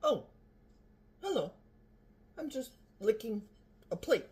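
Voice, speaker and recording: An older woman food vlogger tasting a dish and chatting casually to her viewers, animated and talkative, sometimes with her mouth full. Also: fairly high pitch, slow pace, very noisy. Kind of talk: casual cooking vlog with tasting.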